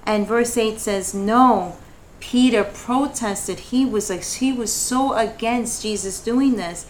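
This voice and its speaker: A woman's voice: on the high side, takes it slowly, slight background noise. A woman leading a devotional Bible study, reading verses and rising into fervent prayer.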